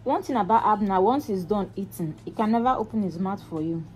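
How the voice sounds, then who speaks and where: A woman's voice: medium pitch, animated, a little fast, poor audio. A young mother chatting in a casual home vlog, switching between cooing baby talk and asides to her viewers. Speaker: vlogger and mother.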